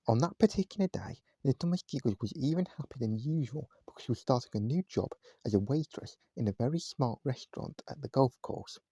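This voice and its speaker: A man reading a children's storybook aloud at home, gentle and speaking straight to his listeners. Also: medium pitch, animated, a little fast, hardly any pauses, slightly rough, no echo, studio quality. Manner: gentle, addresses listeners directly. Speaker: vlogger reading a bedtime story. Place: at home, indoors, cat on his knee.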